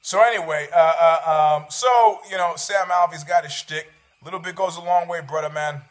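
A man's voice: fairly high pitch, moderate pace. A man, hosting a show, rambling about fights with sarcasm and freely dropping swear words. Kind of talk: casual chat about fights.

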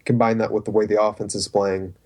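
Low-voiced Southern man, rambling. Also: flat delivery, a little fast, darkish tone. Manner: rambling, hedging with fillers. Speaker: podcast co-host. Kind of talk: casual podcast chat.

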